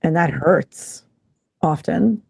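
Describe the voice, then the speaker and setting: A woman's voice: sits low, slow, gravelly, darkish tone, slightly rough. Plain-spoken woman in podcast chat. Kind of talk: casual podcast conversation.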